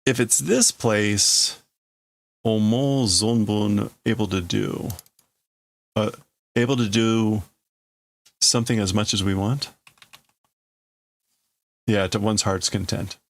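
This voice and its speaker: Hosting a live stream, a man reads a comic and translates it casually, thinking out loud and restarting hesitantly. His voice sits on the low side with vocal fry, a steady tone and a slow pace marked by long pauses.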